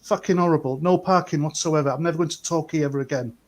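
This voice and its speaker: Grumbling man with a fairly high voice. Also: fast. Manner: grumbling and sweary. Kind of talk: casual livestream chat.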